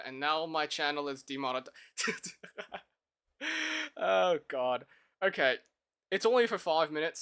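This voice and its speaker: Bright, chatty male streamer thinking aloud. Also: a little high. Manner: chatty, thinks aloud, self-deprecating, laughs easily. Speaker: live streamer. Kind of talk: casual live-stream chat while coding.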